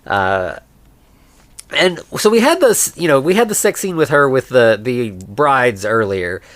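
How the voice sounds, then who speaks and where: Animated man retelling a movie. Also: medium pitch, unhurried, no echo. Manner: acts out characters' lines while retelling the plot. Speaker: podcast co-host. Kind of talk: casual movie recap.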